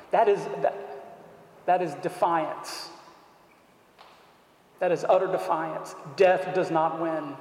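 Preacher, man, high-pitched and unhurried, earnest sermon in a big reverberant hall. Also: fairly even intonation, a little mellow. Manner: earnest, deliberate, rhetorical questions. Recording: echoey hall.

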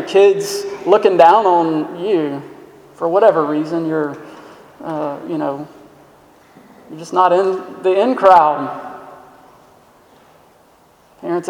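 A man's voice: on the high side, a little mellow. A man preaching a sermon as a pastor, earnest and emphatic, asking the listeners questions. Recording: echoey hall sound.

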